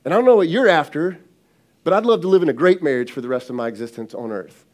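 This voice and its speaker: A man in his thirties, a lead pastor giving an energetic, direct sermon to his congregation. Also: a little high, fast.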